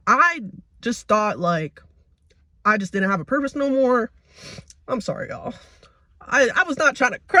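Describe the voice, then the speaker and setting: A man's voice: sits high, pushed and bright, no echo. A young man around twenty giving a casual, heartfelt personal faith testimony in a confessional way. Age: young adult. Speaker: vlogger.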